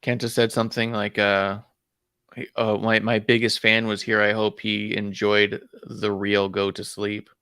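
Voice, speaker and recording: A man in casual podcast chat, agreeable and quick to chime in. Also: lowish voice, completely flat delivery, bright, forceful tone, smooth, no room sound, studio quality. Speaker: wrestling podcast co-host.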